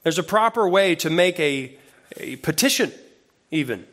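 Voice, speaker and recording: A man who is an associate pastor, preaching a sermon in a conversational way that grows lively when he quotes scripture. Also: fairly high pitch, normal speed.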